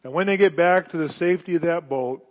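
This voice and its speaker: Man preaching, middle-aged, slightly high voice, long church reverb, muffled sound. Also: quick pace. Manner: animated storytelling, rhetorical questions. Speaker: pastor. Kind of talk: sermon.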